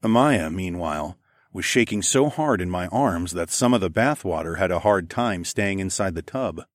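A man narrating a first-person erotic audiobook in a low, intimate, unhurried way. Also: animated, no room sound, clean studio sound.

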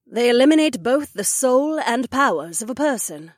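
Woman voicing husky she-wolf duchess. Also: a little high, very animated, no room sound, clean studio sound. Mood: grave. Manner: measured, serious explaining. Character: proud she-wolf duchess, grave and knowing. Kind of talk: audiobook dialogue acting.

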